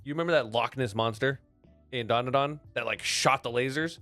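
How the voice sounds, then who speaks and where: A man co-hosting a casual podcast chat, excitable and quick to jump in. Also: mid-range voice, faint music behind. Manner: animated, excitable, jumps in often. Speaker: podcast co-host.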